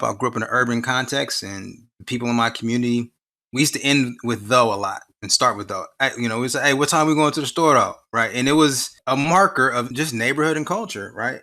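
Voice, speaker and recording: A man's voice: mid-range voice, a little fast, sharp tone. A man being interviewed as an education researcher, explaining ideas at length and posing rhetorical questions with emphasis. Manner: expansive, emphatic, often asks rhetorical questions. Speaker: guest researcher in science education.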